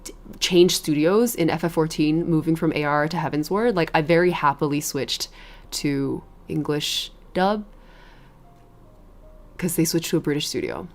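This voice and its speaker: A woman streaming and chatting casually with her viewers, animated, swearing freely and laughing often. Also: deep voice, normal speed. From grew up with Chinese and Japanese media.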